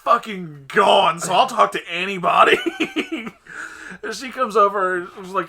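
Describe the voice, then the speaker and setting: A man hosting a casual podcast chat, telling an animated story, acting out the other people's lines and often breaking into laughter. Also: sits high, moderate pace, vocal fry. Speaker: podcast host.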